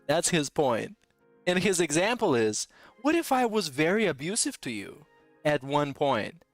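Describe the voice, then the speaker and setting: A podcast host pokes fun at clips in a sarcastic, profane tone. His higher voice swoops in a lively way, and the close, dry sound has faint music under it. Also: unhurried, no echo. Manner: mocking, profane, laughs often. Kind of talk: sarcastic commentary.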